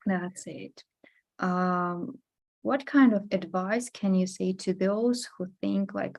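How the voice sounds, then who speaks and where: A woman interviewing a guest, pausing and filling gaps while she looks for her words. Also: medium pitch, vocal fry, darkish tone, poor audio. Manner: hesitant, searches for words with fillers. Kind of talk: interview questions.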